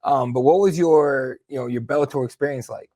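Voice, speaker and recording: A male interviewer asking questions in a relaxed chat, upbeat and encouraging. His voice has a mid pitch and sounds dry and close, with no room echo. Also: a little fast. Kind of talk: casual interview.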